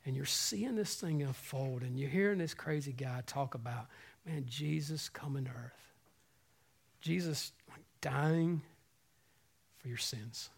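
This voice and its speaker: A man preaching an Easter sermon as pastor, impassioned, swinging between hushed passages and loud ones. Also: medium pitch, measured pace, vocal fry, husky. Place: church hall with congregation.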